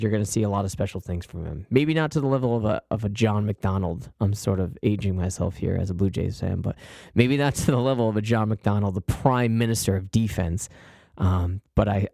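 A man's voice: lowish voice, fairly quick, creaky, dark tone, dry recording, clean studio sound. A man hosting a casual sports podcast, friendly and enthusiastic as he introduces guests and leads the chat. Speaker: podcast host.

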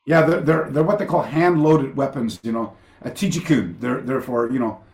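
An older man, a karate master, telling stories as an interview guest over a video call, animated and rambling, with many fillers and restarts. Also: mid-range voice, moderate pace, roomy sound, background noise. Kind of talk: casual storytelling interview.

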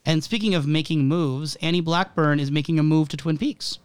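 A man's voice: on the high side, normal speed, smooth. A man co-hosting a casual chat, analytical and wry, with a self-deprecating streak. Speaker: podcast co-host.

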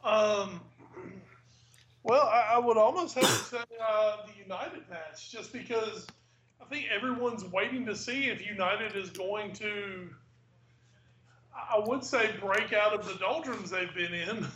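Male podcast co-host, high bright voice, hedging takes, muffled lo-fi sound. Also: measured pace. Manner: thoughtful, hedging opinions with fillers. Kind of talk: casual sports podcast chat. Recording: dull lo-fi mic with faint hiss.

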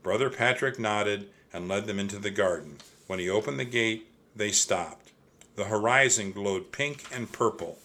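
A man reading a children's chapter book aloud as narrator, with expressive storytelling. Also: lowish voice, moderate pace.

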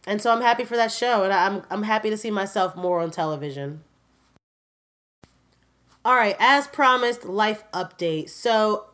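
A woman in her twenties hosts a podcast and talks through her life in a candid, animated way. She laughs often and speaks straight to her listeners. Her voice sits at a middling pitch. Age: 20s. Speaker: podcast host. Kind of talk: casual personal update.

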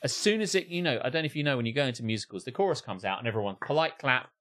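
A man's voice: medium pitch, lively intonation, very fast, fairly bright tone. A man co-hosting a podcast, ranting in casual chat with plenty of swearing and acted-out impressions. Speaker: podcast co-host.

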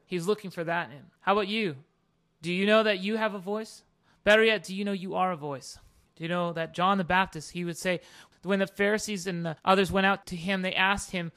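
A preacher giving an informal sermon with a personal testimony, earnest and rising to loud, emphatic declarations. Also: mid-range voice, steady tone, brisk. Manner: retells stories with repeated "and all of a sudden".

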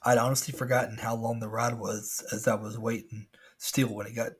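A man's voice: lowish voice, little pitch movement, a little fast, husky. A man reading a scary story aloud as a podcast host, with casual asides.

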